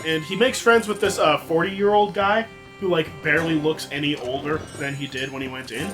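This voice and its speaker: A man's voice: a little high, steady tone, brisk, over music. A young adult man telling a long story in casual chat, rambling and profane.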